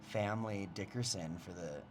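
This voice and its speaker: Lowish-voiced guy coaching a stretch class, counting down, cracking jokes, faint hiss behind. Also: moderate pace. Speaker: fitness instructor. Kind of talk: guided mobility class instruction. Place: home, lawn blower outside. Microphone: new microphone.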